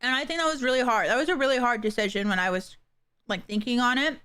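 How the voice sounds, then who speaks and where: A young adult woman chatting casually with her livestream viewers, halting and soft-spoken, with many fillers and pauses. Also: a little high, smooth. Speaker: streamer.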